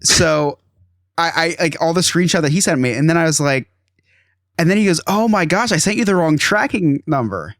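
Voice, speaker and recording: A man's voice: fairly high pitch, animated, normal speed, fairly bright tone, no echo, clean studio sound. A man in his thirties hosting a podcast, telling an exasperated story in casual chat and acting out quotes. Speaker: podcast host.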